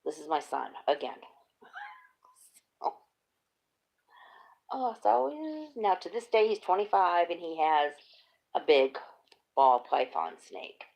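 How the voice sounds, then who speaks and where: Low gravelly middle-aged woman telling stories. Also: takes it slowly, long pauses. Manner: animated storytelling, laughs often. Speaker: host. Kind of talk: casual chat.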